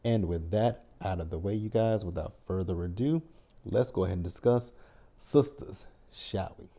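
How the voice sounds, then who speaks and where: A man recaps a TV episode in a loose, wry, chatty way, swearing freely. His voice is low-pitched and mellow. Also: moderate pace. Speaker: TV recap channel host.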